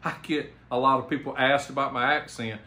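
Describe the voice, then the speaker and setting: A man's voice: medium pitch, fairly even intonation, a little fast, sharp tone. A man from South Carolina with a Southern accent, giving a rambling, enthusiastic channel update as a home theater YouTuber, with lots of fillers and restarts. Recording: echoey room, faint background noise.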